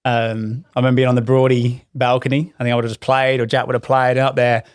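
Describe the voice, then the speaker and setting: A man with a Worcester English accent, a podcast host telling lively anecdotes with plenty of swearing. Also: medium pitch, brisk, clean tone, no echo, clean studio sound. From Worcester, England. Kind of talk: casual podcast storytelling.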